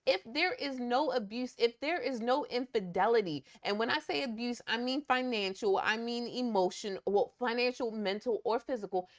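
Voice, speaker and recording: A woman co-hosts a relationship talk show. Her voice sits a little high, and she talks in a heated, emphatic way that climbs when she is indignant. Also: moderate pace, few pauses. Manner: emphatic, indignant, rising pitch when outraged. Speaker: podcast co-host. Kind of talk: casual opinion chat.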